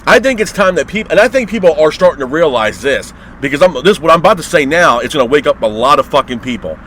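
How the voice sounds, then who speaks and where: A fired-up man on a profane rant, his voice sitting a little high as he vents in exasperation. Faint street and car noise hums behind him. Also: big pitch swings, fast, fairly bright tone, poor audio. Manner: heated, exasperated, swears constantly. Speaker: wrestling review host. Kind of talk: profane ranting review.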